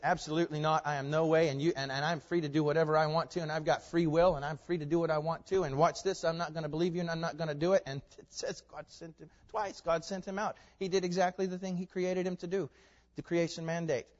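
A man preaching a sermon, animated, with loud emphatic peaks and laughing asides. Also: on the high side, fast. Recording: dull reverberant hall sound.

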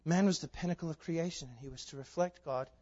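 Male preacher, higher-pitched voice, dull sound that rings in a long hall reverb. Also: fast talker. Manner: animated, rising to loud emphatic peaks, laughing asides. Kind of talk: sermon.

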